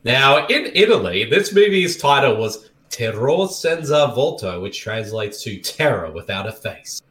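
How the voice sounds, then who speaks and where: A man's voice: medium pitch, very animated, measured pace, fairly bright tone. Jokey man riffing over a movie. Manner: laughs often, chatty and jokey. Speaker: podcast co-host. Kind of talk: casual movie commentary chat. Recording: echoey room.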